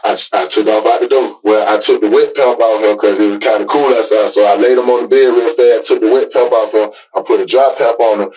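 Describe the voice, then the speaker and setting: Husky father in a police interview, heard from far off in the room, rambling and halting. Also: fairly low pitch, steady tone, a little mellow, soft background music.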